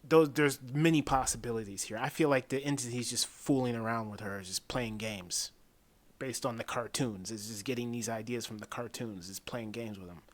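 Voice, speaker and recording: A man giving a casual spoken film review. He rambles, repeats himself, often says "man", and drops to a hush when retelling the creepy parts. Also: medium pitch, normal speed. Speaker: movie reviewer.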